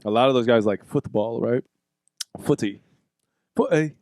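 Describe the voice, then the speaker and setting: A man's voice: mid-range voice, fairly even intonation, brisk, a little mellow, dry recording, studio quality. A man co-hosting a podcast, bantering casually and joking around. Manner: joking, slips into a mock British accent. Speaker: podcast co-host.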